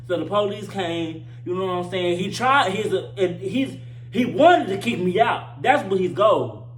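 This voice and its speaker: A man's voice: sits high, animated, moderate pace, faint music behind. A young man telling a personal story in a casual, slangy, profane way, repeating lines for emphasis. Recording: roomy echo with faint hum.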